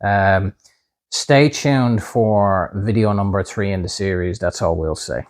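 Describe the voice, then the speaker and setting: A man hosting a casual slot car review, upbeat and pausing often with "um" and "uh". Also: lowish voice. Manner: upbeat, many "um" and "uh" fillers.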